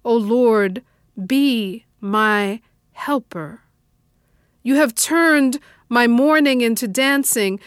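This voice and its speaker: Slow, measured woman reading scripture. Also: sits high, fairly bright tone, clean tone, no room sound, clean studio sound. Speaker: scripture reader.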